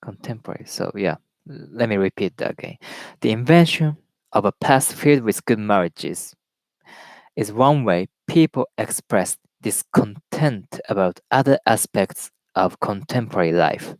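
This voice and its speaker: Man reading aloud haltingly in English. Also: lowish voice, expressive, dry recording. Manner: reads aloud haltingly, repeats words, greets viewers. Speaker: live stream host. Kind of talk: casual reading and commentary.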